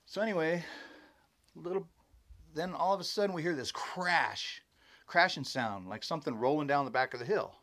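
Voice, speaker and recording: A man's voice: a little high, normal speed. Rambling man telling a campfire tale. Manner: rambling and animated, acts out others' exclamations. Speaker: storyteller recounting his own encounter. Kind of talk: casual spoken storytelling.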